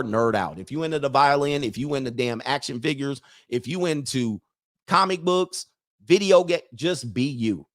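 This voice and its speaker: Blunt man giving dating advice. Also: medium pitch. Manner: blunt, preachy, laughs at his own points; acts out other people's lines in put-on voices. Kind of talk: casual unscripted monologue.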